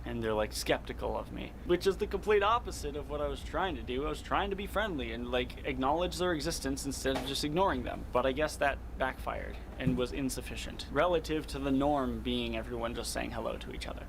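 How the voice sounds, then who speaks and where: A man's voice: mid-range voice, fairly quick, gravelly, few pauses. Rambling Midwestern man, noisy background. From American Midwest. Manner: rambling, earnest, laughs at himself. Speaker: vlogger. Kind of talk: casual monologue to camera. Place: moving around a home, partly from the kitchen. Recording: background noise with vehicle ambience.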